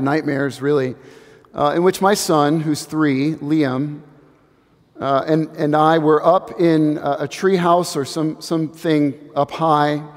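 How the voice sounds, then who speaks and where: A man in his thirties delivers a sermon in an earnest, reflective way, letting key phrases fall to a hush. His voice sits a little high. The sound carries the long reverb of a large sanctuary. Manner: earnest, reflective, building slowly to hushed emphasis. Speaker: pastor.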